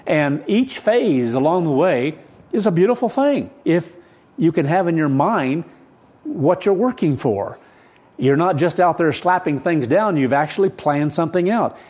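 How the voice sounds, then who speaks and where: A man in his seventies preaching a sermon, rushed and rambling with frequent restarts, keyed up and hurried. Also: a little high, lively intonation, a little mellow, slightly rough. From United States. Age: 70s. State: adrenaline-charged, hurried. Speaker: pastor. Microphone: camera set up for recorded service.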